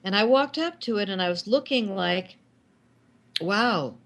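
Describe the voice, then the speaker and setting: A middle-aged woman, a guest filmmaker, telling animated anecdotes in casual talk and acting out the lines of the people in them. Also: mid-range voice, a little slow. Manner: animated anecdotes with acted quotes. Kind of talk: casual storytelling.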